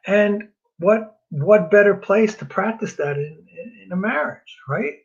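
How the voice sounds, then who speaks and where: Man from New Jersey, marriage class teacher, raised husky voice, dull lo-fi recording, earnest and rambling. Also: high-pitched, a little slow. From New Jersey, US East Coast. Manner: earnest, repeats himself, self-deprecating asides. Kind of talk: casual teaching talk.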